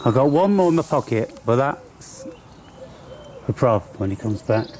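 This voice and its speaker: A man talks casually to his camera outdoors, rambling and coaxing the birds around him in a singsong way. Faint birdsong and rural ambience sit behind his everyday mid-pitched voice. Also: big pitch swings, a little slow, darkish tone, a little hiss or hum. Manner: chatty, coaxing animals in a singsong voice. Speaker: vlogger. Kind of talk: casual outdoor vlog talking to birds and squirrels. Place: outdoors in a garden or woodland.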